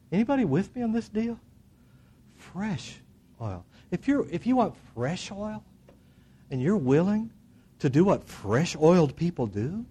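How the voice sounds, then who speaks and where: A man preaching a sermon, building to shouted declarations and leading the congregation in call-and-response, then dropping into soft prayer. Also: mid-range voice, slightly rough. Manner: drops into soft, quiet prayer. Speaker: pastor.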